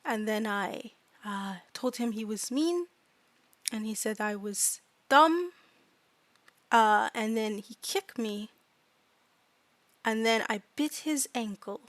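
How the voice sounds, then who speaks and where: A woman voicing a small, timid fairy student who speaks in broken, halting grammar and often drops to a whisper. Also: a little high, no echo. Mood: earnest. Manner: broken grammar, dropped articles, hesitant. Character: tiny timid fairy student, earnest, new to language. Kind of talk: tabletop role-play.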